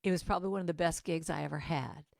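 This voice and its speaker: A woman giving a lively storytelling message at a church service, acting out the voices of people in her story. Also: low voice, fast talker, gravelly, no echo, studio quality. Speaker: guest musician and speaker. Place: church sanctuary.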